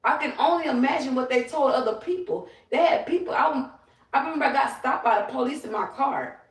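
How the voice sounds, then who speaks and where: A woman's voice: high voice, fairly quick, far from the mic. A woman ranting on a livestream, profane, emphatic and confrontational. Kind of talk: livestream rant. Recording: roomy, away from the mic.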